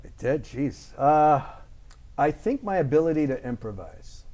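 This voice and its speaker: A Canadian man with a Canadian accent, appearing as a guest voice impressionist. He chats casually and jokes freely, landing quick punchlines. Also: fairly high pitch, sing-song, dark tone. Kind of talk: casual interview chat.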